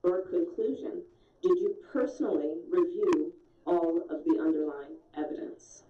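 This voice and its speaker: A woman's voice: lowish voice, sing-song, a little slow, mellow. A woman questioning a witness at a formal hearing, firm and methodical, quoting documents aloud. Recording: distant, echoey, dull hearing-room audio.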